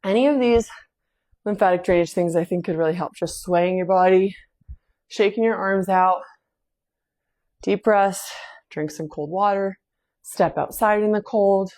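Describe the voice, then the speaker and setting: In an unhurried, darkish mid-range voice with frequent pauses, a woman leads a home workout. She calls out rep counts, sighs, sounds a little winded, and talks about her faith between sets.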